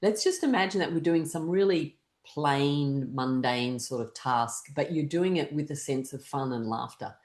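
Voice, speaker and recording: A woman teaching a laughter exercise class, her instructions broken up by loud bursts of rhythmic laughter. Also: low-pitched, moderate pace, few pauses, echoey room. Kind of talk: guided laughter exercise session.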